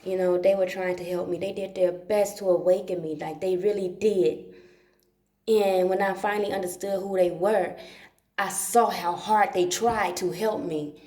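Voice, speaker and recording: In a dark room at home, a woman hosting a livestream rambles casually, swearing frequently and saying things again to drive them home. Her lowish voice has a dark tone and steady delivery at normal speed, with roomy acoustics.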